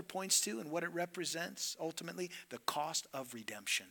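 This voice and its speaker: A man preaching a sermon to a men's gathering, moving between hushed, drawn-out lines and loud, emphatic passages as he acts out scripture dialogue. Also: on the high side, expressive, creaky.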